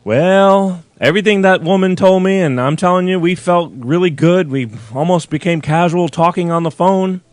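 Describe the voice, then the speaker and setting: A man's voice: sits high, normal speed, few pauses, no room sound. A man hosting a call-in show, retelling his customer service calls in a blunt, exasperated rant and acting out both sides. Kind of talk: ranting monologue, retelling phone calls.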